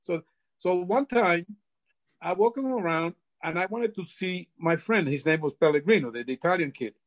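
Older man, halting, repeats himself. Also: sits high. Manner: halting, repeats words often. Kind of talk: casual storytelling.

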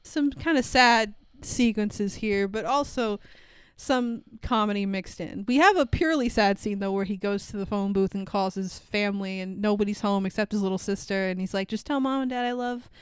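Clear-voiced woman hosting a casual review. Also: medium pitch, moderate pace, no echo. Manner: swears casually, laughs often. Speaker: podcast co-host. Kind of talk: casual chat, film review.

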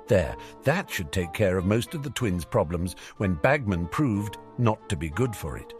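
Brief: male audiobook narrator, low-pitched and animated, soft music underneath. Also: moderate pace, few pauses. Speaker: audiobook reader. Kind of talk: fan fiction audiobook narration.

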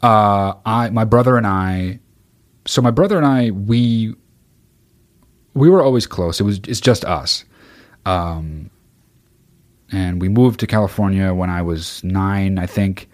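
A man's voice: on the low side, measured pace, long pauses. A man hosting a podcast in casual chat, answering listener questions bluntly and swearing constantly as he rambles. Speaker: podcast host.

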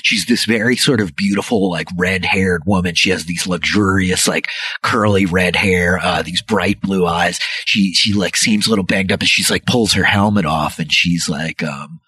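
Deep husky game master. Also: male voice, normal speed, sharp tone, no echo. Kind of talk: narrating a tabletop game.

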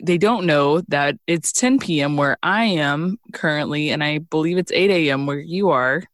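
A woman's voice: deep voice, normal speed, no room sound. A woman hosting a podcast interview in a friendly, giggly way, recording from a closet at home. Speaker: podcast host. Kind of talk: casual interview. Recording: dry closet sound.

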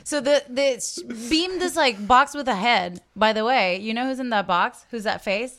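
A woman co-hosting a casual podcast chat, talkative and swearing casually in animated asides. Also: on the high side, normal speed. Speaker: podcast co-host.

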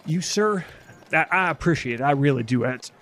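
Man playing Bartholomew, a flattering haggler. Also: on the high side, normal speed. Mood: bargaining. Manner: oily flattering salesman patter. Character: smooth-talking flattering male cook bargaining.

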